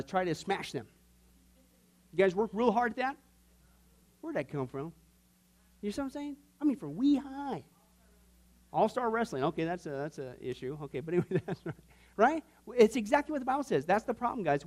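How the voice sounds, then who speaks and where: A man teaching an informal Bible class, folksy and joking, often slipping into quoted voices. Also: high-pitched.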